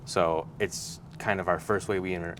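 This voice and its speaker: A man co-hosting a podcast, talking in a relaxed, rambling way and laughing often. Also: low voice, normal speed. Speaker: podcast co-host. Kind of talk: casual chat. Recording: noisy background hum.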